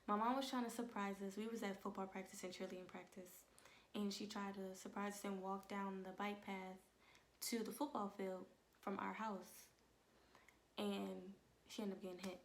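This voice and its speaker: Young woman, casual emotional testimony, gravelly fry, soft whispers. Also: medium pitch, flat delivery, normal speed, a little hiss or hum. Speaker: vlogger. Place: home.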